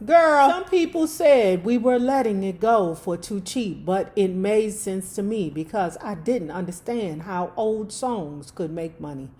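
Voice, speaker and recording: A woman's voice: mid-range voice, expressive, unhurried, hardly any pauses, dark tone. A woman reading a memoir aloud at her own pace, breaking off for blunt, profane asides. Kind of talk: book reading with casual commentary.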